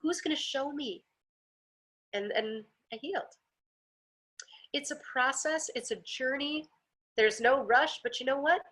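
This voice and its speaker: A woman's voice: sits high, measured pace, long pauses, fairly bright tone. A woman teaching a personal growth class in a casual, earnest way, acting out quotes and laughing often. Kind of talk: casual talk to a group. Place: home, pool outside her patio.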